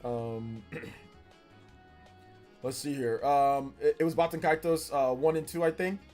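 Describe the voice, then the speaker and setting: A man in his forties streaming live and reading chat, laid-back with bursts of animated teasing. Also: mid-range voice, measured pace. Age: 40s. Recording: faint music behind the voice.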